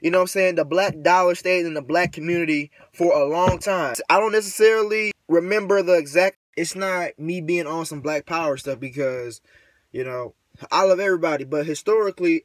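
Frustrated male vlogger, slightly high voice, dry room, rambling slangy delivery. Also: a little fast, no room sound. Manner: rambling, slangy, many fillers; frustrated, preachy. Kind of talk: casual rant to camera.

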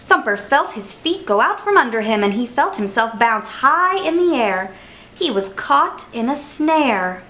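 A woman reading a children's picture book aloud with clear, expressive narration. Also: on the high side, unhurried, poor audio. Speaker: storyteller.

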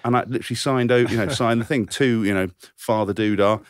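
Fast-talking low-voiced man telling stories. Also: no room sound. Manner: rambling, animated storyteller. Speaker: podcast co-host. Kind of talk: casual podcast chat.

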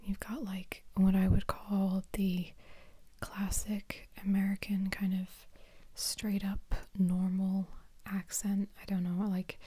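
A woman's voice: mid-range voice, monotone, takes it slowly, mellow, husky. A woman in a whispered ASMR chat, rambling and self-deprecating with lots of ums. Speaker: ASMR creator.

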